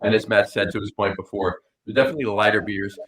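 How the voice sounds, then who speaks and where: Low-voiced man rambling over beers. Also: quick pace, fairly bright tone, rough recording. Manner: loose, rambling list-making. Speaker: podcast co-host. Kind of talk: casual chat over beers.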